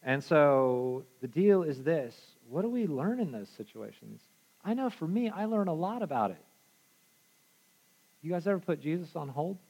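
A male pastor preaching a conversational sermon, candid and casual, dropping to quiet asides and then pushing to loud emphasis. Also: on the high side, big pitch swings, moderate pace, slightly rough.

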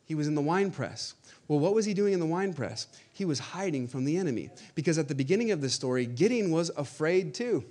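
A man in his thirties preaches to his congregation in a loose, conversational way, stumbling over fillers and repeating himself. His voice sits a bit higher than most men's. He reads scripture aloud between stories. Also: expressive, brisk, a little mellow. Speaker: pastor. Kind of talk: sermon.

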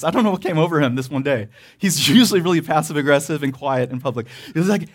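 A male pastor delivers a sermon through a loose personal story, his voice sitting somewhat high. He rambles, restarts his sentences and breaks into laughter as he goes. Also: animated, fast talker, breathy edge.

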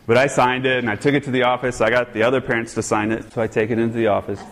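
A man's voice: mid-range voice, level tone, racing. A man preaching a sermon in a conversational way, telling personal stories. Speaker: pastor. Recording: echoey hall with crowd.

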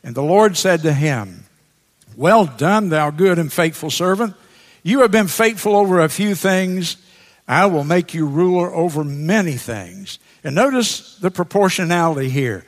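Preacher, male, slow measured sermon delivery, slightly high voice, long hall echo. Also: very animated. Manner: slow, deliberate, emphatic repetition. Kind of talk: sermon expounding scripture.

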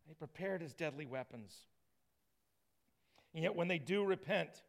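A man preaching a sermon, swinging from loud emphatic lines to soft hushed ones. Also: fairly high pitch, animated, unhurried, creaky, long pauses. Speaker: pastor.

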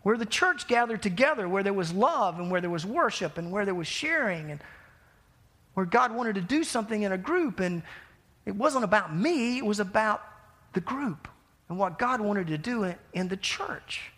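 A man preaching a sermon, telling a personal story in a conversational, animated way with self-deprecating laughs. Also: high-pitched, normal speed. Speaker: pastor.

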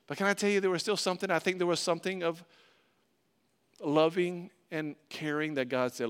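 Smooth-voiced preaching pastor, man. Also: fairly high pitch, steady tone, fairly quick, fairly bright tone. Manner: conversational preaching, voices God and Moses in dialogue. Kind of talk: sermon.

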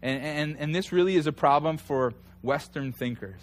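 A man in his thirties preaching a conversational sermon, telling stories with animated energy and rising to near shouts at times. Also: on the high side, normal speed, a little hiss or hum. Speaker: pastor.

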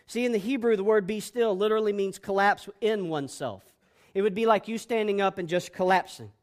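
A man preaching a sermon as pastor, boisterous and emphatic, swinging between loud declarations and hushed, soft passages. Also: sits high, fairly quick.

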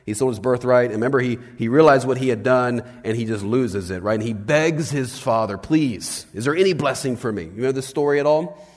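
A man preaching a sermon as pastor, animated, swinging between loud bursts and hushed lines and asking his listeners questions. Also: medium pitch, brisk. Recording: long hall reverb.

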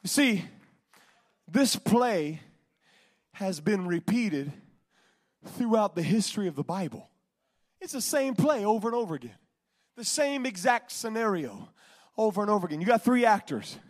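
Male preacher, high voice, sermon that swings from shouts to hushed lows. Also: animated, normal speed, long pauses.

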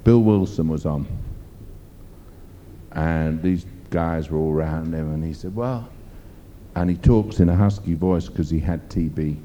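A man's voice: very deep voice, a little slow, mellow, highs cut off, slight background noise. A man preaching a sermon, emphatic and rambling as he tells stories. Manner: emphatic, rambling storytelling with fillers.

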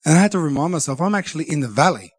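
A man sharing a personal devotional reflection, earnest and halting, often restarting his sentences. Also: a little high, expressive, breathy edge, no room sound. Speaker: Christian speaker sharing a devotional.

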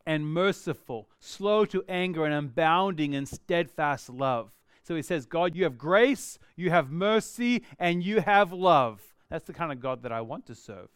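A male pastor delivers a sermon in a high, ringing voice that stays smooth and clear. He reads scripture with emphatic rises and lively bursts. The sound is dry and close, with no room echo. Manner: expressive preaching, rising to emphatic bursts when reading scripture.

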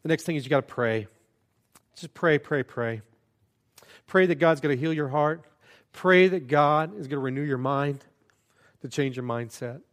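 A man's voice: fairly high pitch, moderate pace, pauses often, a bit bright. Earnest, conversational male pastor preaching. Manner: earnest and conversational, with self-deprecating asides. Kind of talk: sermon.

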